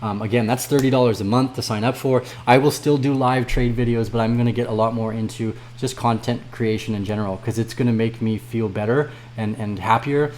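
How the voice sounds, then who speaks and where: A man of middle pitch hosts a casual trading livestream, reading viewer comments aloud. He swears constantly and swings between quiet, low-energy muttering and loud, heated rants. A faint hum sits under the voice. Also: steady tone, brisk, hardly any pauses. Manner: swears freely, ranting at chat, swings from low mumbling to loud outbursts. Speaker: crypto trading livestream host.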